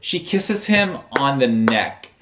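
A man's voice: mid-range voice, animated, slow, fairly bright tone, slight background noise. A young man casually recapping a novel for his book vlog, sassy and profane, acting out the characters' lines. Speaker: book reviewer.

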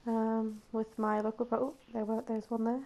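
A woman chatting casually through a gameplay session as the host of her gaming channel. Her voice is still rough after a cold, and she giggles and coaxes the animals in the game in a sing-song voice. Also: a little high, little pitch movement, moderate pace, dark tone.

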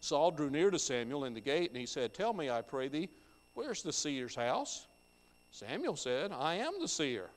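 Male pastor, sermon delivery, scripture reading with commentary; slightly high voice, long church reverb. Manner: reads scripture aloud and explains it verse by verse. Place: church sanctuary.

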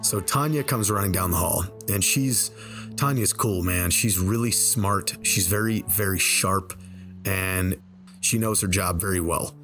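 A man telling a personal story in a relaxed, conversational way over gameplay, slowing down for the tense moments. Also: sits low, faint music behind. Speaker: storyteller and game video creator. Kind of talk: casual spoken storytelling. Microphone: desk microphone.

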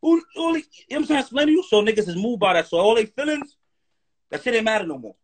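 Husky high-voiced man ranting angrily. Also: fast talker. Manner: profane, animated, keeps asking "you heard?". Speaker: guest on a live stream. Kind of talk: heated livestream rant.

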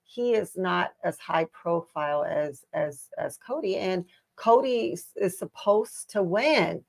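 A woman's voice: on the low side, slow pace, vocal fry. A woman co-hosting a live wrestling prediction stream, chatting casually and arguing her points emphatically.

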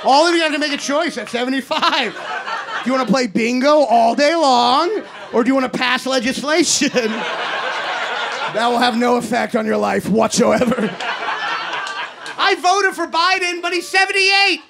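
A man in his thirties doing a stand-up set in a comedy club, ranting in an exasperated way and shouting his punchlines into a handheld mic. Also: very high-pitched, expressive, moderate pace, gravelly, a crowd in the background. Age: 30s. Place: comedy club basement before a live audience. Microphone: handheld stage microphone. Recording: live club recording with audience noise. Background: audience laughter.

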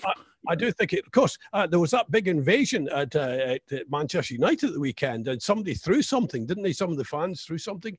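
A man's voice: on the high side, sing-song, quick pace, husky, no room sound, studio quality. A man co-hosting a radio show, teasing his partner with mock-serious questions in casual banter. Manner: teasing, hesitant, full of restarts. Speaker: radio co-host.

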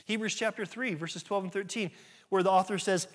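A man's voice: sits high, a little fast, a bit bright. A man preaching a sermon as pastor, earnest and emphatic, asking his listeners rhetorical questions.

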